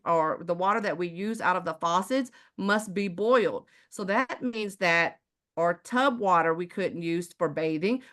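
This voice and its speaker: A woman's voice: mid-range voice, fairly bright tone. A woman from Houston with a Texan accent, giving a live online sales presentation. She talks emphatically and keeps firing rhetorical questions straight at her audience. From Houston, Texas.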